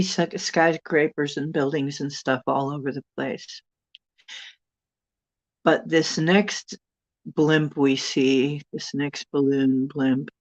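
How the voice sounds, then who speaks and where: A woman's voice: deep voice, muffled recording. A woman hosting a livestream, wandering through her thoughts as she recounts dreams and reads viewer comments. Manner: meandering, thinking aloud. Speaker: channel host.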